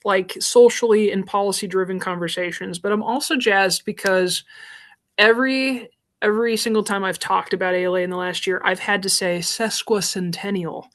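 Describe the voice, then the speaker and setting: American librarian lady chatting on a podcast, super enthusiastic, lots of likes and restarts, mid pitch. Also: steady tone, normal speed, a bit bright. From United States. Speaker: library association president, guest. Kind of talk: podcast interview.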